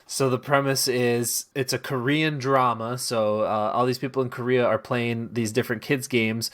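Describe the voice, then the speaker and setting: A man's voice: lowish voice, a bit bright. Chatty man hosting a podcast. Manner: talkative, recommends with filler words. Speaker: podcast host. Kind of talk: casual chat.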